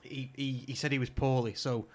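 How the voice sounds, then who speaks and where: Male co-host, mid pitch, eager interjections, repeats himself. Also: fairly even intonation, fairly quick, darkish tone. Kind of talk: casual chat.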